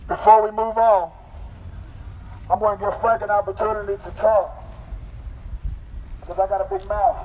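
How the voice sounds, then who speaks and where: High-voiced rally leader outdoors. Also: male voice, flat delivery, moderate pace, pauses often, lo-fi sound. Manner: leads crowd chants, loud and rousing. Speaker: protest leader. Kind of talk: rally call-and-response. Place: outdoor street protest. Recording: outdoor crowd and street noise.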